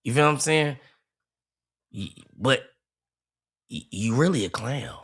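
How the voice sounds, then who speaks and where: Heated livestream commentary comes from a man reacting to a clip: he's mocking, repetitive, and keeps stammering and starting over. His medium-pitched voice is animated and a little slow, with a fairly bright, slightly rough tone.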